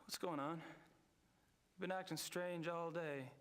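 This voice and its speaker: An actor playing a wry, casual young hero in a video game. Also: male voice, on the high side, fairly even intonation, unhurried, a bit bright.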